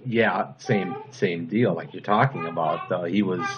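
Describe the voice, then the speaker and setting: A middle-aged man gently asking brief questions in a personal interview. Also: low voice, unhurried, noisy background. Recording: dull lo-fi recording.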